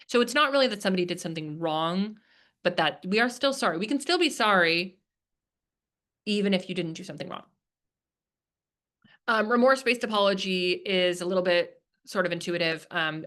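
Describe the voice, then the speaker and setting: A woman's voice: on the low side, normal speed, long pauses, fairly bright tone. A woman giving a casual workshop talk, chatty and full of fillers, acting out quoted lines as she explains. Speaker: speaker at a business workshop. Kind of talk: casual lecture. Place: presentation room.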